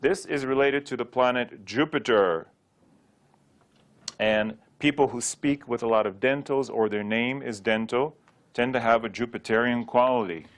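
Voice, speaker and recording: A man's voice: medium pitch, normal speed. A man teaching a Sanskrit pronunciation class, drilling syllables aloud for students to repeat. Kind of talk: classroom lecture.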